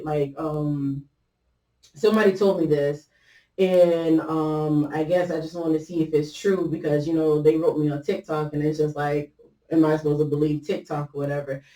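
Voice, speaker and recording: With a low, mellow voice, a podcast host tells a personal story in a casual, meandering style, with frequent fillers and restarts as she quotes others. The mic is at a distance, so there's a roomy echo.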